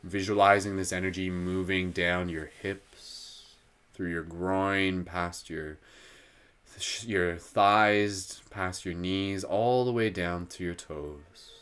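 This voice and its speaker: A man hosting a live guided meditation, slow and soothing when guiding, giggly and playful between exercises. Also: sits low, fairly even intonation, fairly bright tone, clear, resonant tone. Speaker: meditation host.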